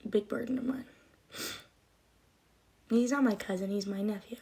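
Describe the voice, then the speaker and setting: A woman's voice: medium pitch, steady tone, normal speed, dark tone. A young woman streamer chatting casually on a livestream in a rambling, unfiltered way, recorded on a phone on a tripod.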